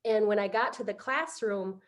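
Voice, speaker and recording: A middle-aged woman on a video call, telling a heartfelt personal story on a panel, halting with many fillers. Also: medium pitch. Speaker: conference panelist.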